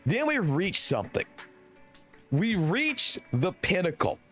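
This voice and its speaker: A young man streaming live tells a long story full of swearing, his voice sitting fairly high and swinging widely in pitch as he gets worked up. Faint music plays under him. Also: wildly swooping pitch, takes it slowly, fairly bright tone. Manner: profane, rambling anecdote with laughs.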